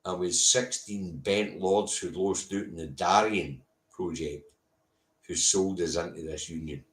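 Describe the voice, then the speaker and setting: Scottish guy on a live stream, deep voice, swears a lot, talks back to the chat, echoey room. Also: fairly even intonation, unhurried. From Scotland. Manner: blunt, sweary, reading out viewers' comments. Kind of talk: casual live-stream talk. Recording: roomy echo.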